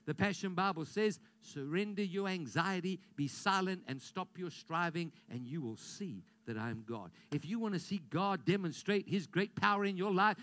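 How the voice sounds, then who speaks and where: Male pastor, high pitch, dry close sound; emphatic sermon delivery with call-and-response. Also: expressive, normal speed, few pauses, a bit bright, no room sound. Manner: emphatic preacher, repeats phrases, leads congregation call-and-response.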